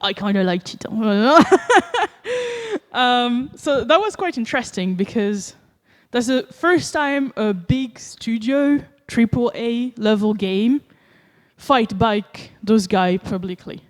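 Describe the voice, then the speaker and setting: In a conference hall with a long reverb, a woman with a French accent delivers her talk slowly in a high-leaning voice with lively intonation. She jokes around casually and fills her speech with fillers.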